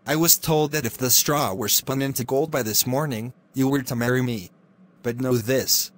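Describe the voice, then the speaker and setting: A man voicing a kind young prince who speaks gently and reassuringly. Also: mid-range voice, moderate pace, close to an everyday voice. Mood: gentle.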